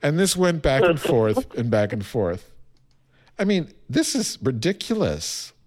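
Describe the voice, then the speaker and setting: Man, 50s, mid-pitched, lively and exasperated storyteller with a wisecracking edge. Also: unhurried. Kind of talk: casual comic storytelling.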